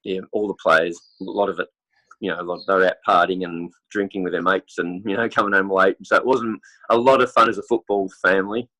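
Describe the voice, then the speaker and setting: An Australian man with a cold chats quickly as a podcast guest, piling story on story with plenty of fillers. His voice sits a little low and he rarely pauses. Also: fairly even intonation, sharp tone, low-quality recording. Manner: rambling, chatty storytelling with many fillers. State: has a cold, clears throat. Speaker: interview guest, football superfan. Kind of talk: casual chat.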